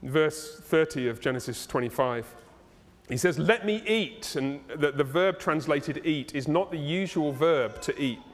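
A man preaching a sermon as pastor, animated and playful as he tells the story. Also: fairly high pitch, unhurried. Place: church hall, live congregation. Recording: long reverb of a church hall.

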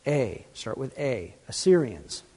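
A man preaching a sermon, animated and full of rhetorical questions, swinging between loud and soft. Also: mid-range voice, slow pace, breathy edge. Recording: long reverb.

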